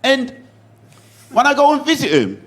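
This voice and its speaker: Lively Yorkshire man doing stand-up. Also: very high voice, moderate pace. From Bradford, Yorkshire, England. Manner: animated, shouting bursts, swearing, acting out voices. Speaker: stand-up comedian. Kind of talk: stand-up comedy set. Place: comedy club stage.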